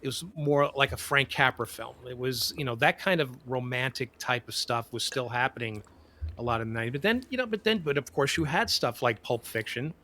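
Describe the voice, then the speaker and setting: A man co-hosting a live-streamed film podcast, offering relaxed, measured commentary in casual chat. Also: medium pitch. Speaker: podcast co-host.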